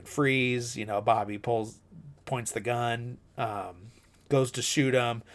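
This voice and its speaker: A man casually recapping a movie plot on a podcast, rambling loosely with lots of fillers and casual swearing. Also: mid-range voice. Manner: rambling, loose, swears freely, heavy "like" and "you know". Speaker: podcast co-host.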